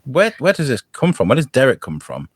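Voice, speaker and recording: A man's voice: medium pitch, wildly swooping pitch, fairly quick, husky, no room sound. A man hosting a podcast in a chatty, rambling way, laughing often. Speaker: podcast host. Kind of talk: casual chat.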